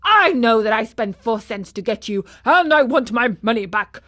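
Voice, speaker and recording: A gruff, indignant grown man from a storybook, quick to anger, read by a woman. He speaks slowly. The recording is dry and close. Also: high-pitched, big pitch swings, a bit bright, no room sound, pitched above the performer's own voice, exaggerated voice. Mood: angry. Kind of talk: audiobook character reading.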